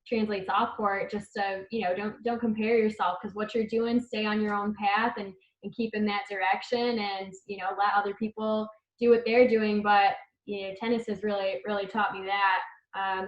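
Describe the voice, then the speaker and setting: Reflective woman on an echoey, muffled line. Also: mid-range voice. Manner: earnest, reflective. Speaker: college head tennis coach. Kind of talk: interview guest, casual talk. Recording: echoey, dull lo-fi call audio.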